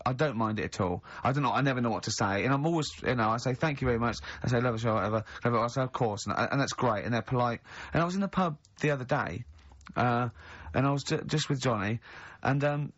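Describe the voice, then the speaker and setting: A man's voice: mid-range voice, a bit bright. A man hosting a radio show, teasing his co-hosts and telling rambling stories in casual banter. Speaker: radio host. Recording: dull lo-fi radio recording.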